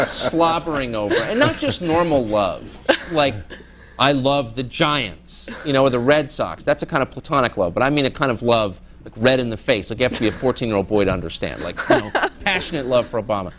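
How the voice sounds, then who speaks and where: A man's voice: medium pitch, big pitch swings, brisk, a bit bright. A middle-aged man, a journalist guest, answering student questions in a candid, sardonic way and mimicking people in mock voices. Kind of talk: candid audience Q&A.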